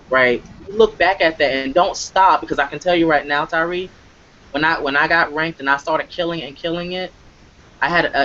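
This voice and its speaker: A man's voice: on the high side, fairly bright tone, muffled recording. A man hosting a live motivational webcast, talking emphatically and repeating himself, often checking in with "right?". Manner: emphatic, repetitive, tag questions. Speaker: webcast host.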